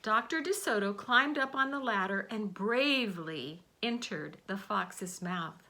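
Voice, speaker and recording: A woman reading a picture book aloud to children, slowly explaining the pictures. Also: medium pitch, lively intonation. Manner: slow, gentle, explaining the pictures. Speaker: storytime reader.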